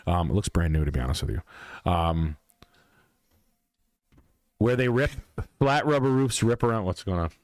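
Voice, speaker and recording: A man's voice: low voice, lively intonation, moderate pace, pauses often, a little mellow, no room sound. A man hosting a livestream, ranting bluntly and profanely in a casual, emphatic way. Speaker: livestream host.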